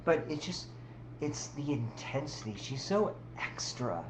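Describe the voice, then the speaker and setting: A woman's voice: low voice, big pitch swings, measured pace. A woman hosting a casual livestream, rambling with restarts and talking to her chat. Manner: rambling, many restarts and fillers, talks to chat. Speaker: livestream host. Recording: roomy with faint background hum.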